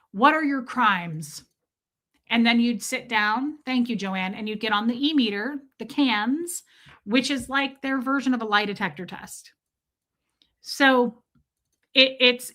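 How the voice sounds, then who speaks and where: A woman in her forties hosting a casual livestream, telling stories in an animated way and reading viewer comments aloud. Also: a little high. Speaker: livestream host.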